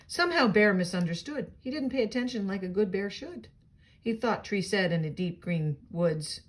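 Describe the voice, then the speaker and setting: A woman reading a picture book aloud to children, adding gentle, chatty asides for her young listeners. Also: mid-range voice, animated, normal speed.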